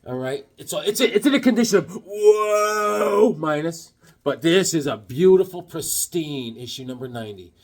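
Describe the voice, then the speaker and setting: A middle-aged man rambles casually about comic books, cracking jokes as he goes. His voice is husky and sits a little high, and his pitch swings widely in an animated way. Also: normal speed. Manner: jokey, animated, wisecracking. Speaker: comic book vlogger. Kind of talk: casual rambling chat to camera.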